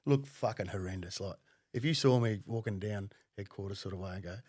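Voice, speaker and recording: A man's voice: lowish voice, brisk, darkish tone, slightly rough, no echo, studio quality. A man with an Australian accent telling stories on a podcast in a blunt, profane way, laughing often. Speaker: podcast guest, former undercover cop. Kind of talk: casual storytelling.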